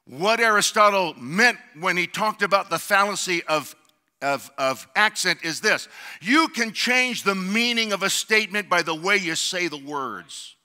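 A middle-aged man preaching a sermon as pastor, building to shouted emphasis and calling out to the congregation. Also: high voice, expressive, unhurried. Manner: preaching with rising shouted emphasis and call-outs.

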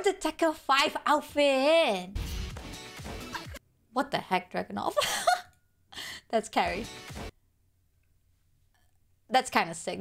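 A young woman with a hoarse voice, gushing through an excited video reaction. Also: on the high side. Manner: gushing, exclamatory, fangirling. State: hoarse from illness. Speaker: gaming video creator.

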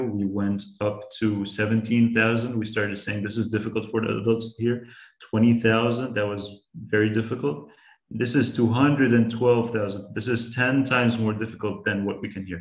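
Low gravelly man explaining science to kids. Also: echoey room, low-quality recording. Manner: patient, simple examples, frequent restarts. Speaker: science educator. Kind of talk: explaining to young students.

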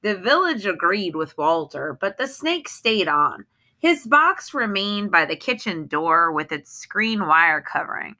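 A woman reading a short story aloud in a measured, deliberate way. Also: fairly low pitch, big pitch swings, pushed and bright. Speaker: reader.

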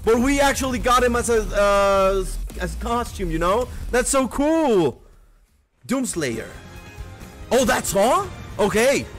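A young man reacting to a video game announcement, exclaiming with excitement and talking to his viewers. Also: extremely high pitch, takes it slowly, soft background music. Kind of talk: live reaction commentary.

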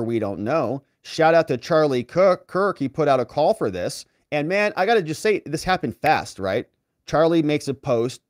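A male host delivering political commentary with a lively, swinging pitch and emphatic bursts. His voice sits a bit high for a man, recorded dry and close. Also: no room sound. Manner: animated, emphatic, talks straight to viewers.

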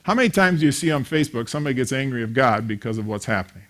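A man's voice: medium pitch, lively intonation, rapid-fire, a bit bright. A man in his fifties preaching a sermon, telling stories and acting out the voices of the people in them. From grew up attending a small country church. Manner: storytelling, acts out voices in anecdotes. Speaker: pastor.

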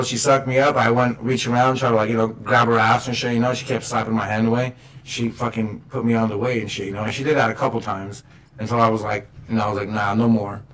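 A man's voice: mid-range voice, fairly bright tone, roomy sound, a little hiss or hum, poor audio. A man co-hosting a casual podcast chat, talking in slangy language and calling people bro. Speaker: podcast co-host.

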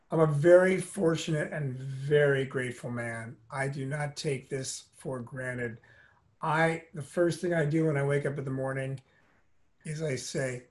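Earnest, fairly high-voiced middle-aged man. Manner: earnest, motivational, emphatic with soft lowered passages. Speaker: drummer and motivational speaker, guest. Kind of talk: storytelling interview talk.

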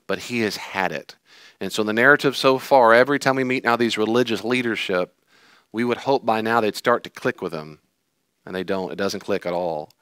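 A man preaching a sermon, animated, acting out quoted figures with sighs and sudden swings up and down. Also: lowish voice, clean tone, dry recording. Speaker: pastor. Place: church hall.

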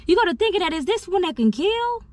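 A woman's voice: extremely high pitch, big pitch swings, quick pace, darkish tone, no echo. A woman hosting a couple vlog from inside a car trunk, talking in slangy, hyped bursts to her viewers on a close GoPro. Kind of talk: casual vlog talk to viewers. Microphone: GoPro camera held close.

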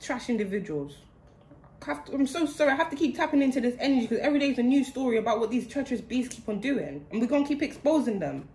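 A woman's voice: on the high side, expressive, fast, darkish tone, slight background noise. A woman giving a channeled spiritual reading in an indignant, heated way, repeating phrases for emphasis. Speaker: spiritual card reader. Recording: roomy echo.

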